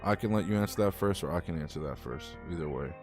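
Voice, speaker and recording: A young man with a fairly low voice hosts a laid-back stream, rambling warmly and cursing often. Faint music plays softly behind him. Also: expressive, fast talker. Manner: heartfelt, swears freely, rambling. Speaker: talk show host. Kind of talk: casual livestream chat.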